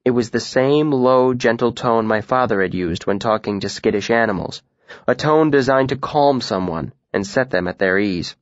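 A man giving a measured, even, scripted narration of a novel as an audiobook reader. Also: medium pitch, no echo, muffled recording.

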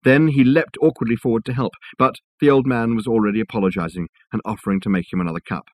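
A man narrating a novel as an audiobook, in a measured, wry storytelling manner on a close mic. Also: medium pitch, fairly even intonation, no room sound.

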